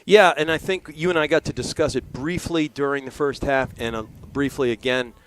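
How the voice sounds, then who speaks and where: A man's voice: mid-range voice, fairly even intonation, fairly quick, fairly bright tone, dry recording. A male color commentator from Maryland talks from the press booth in a mid-range voice. He is chatty and earnest, filling gaps with "uh" and wandering into asides. His voice sounds close and dry on the mic. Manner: chatty and earnest, with frequent fillers and rambling asides. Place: press booth at a lacrosse game.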